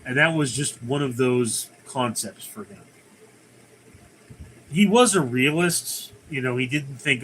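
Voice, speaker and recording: A man's voice: mid-range voice, lively intonation, measured pace, pauses often, fairly bright tone, a little hiss or hum, poor audio. A man hosting a casual livestream, reading viewer comments aloud and answering them in a rambling, conversational way. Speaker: livestream host.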